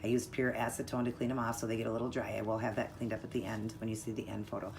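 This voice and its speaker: A woman's voice: extremely low pitch, flat delivery, racing, creaky, noisy background. A woman hosting her own nail art channel, talking through a tutorial in a chatty, upbeat way and explaining each step. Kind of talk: casual tutorial chat.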